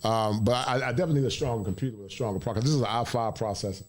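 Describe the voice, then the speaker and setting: A man's voice: medium pitch, racing. A man hosting his own channel's livestream, laid-back and casual, often tagging lines with "man". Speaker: YouTube channel host.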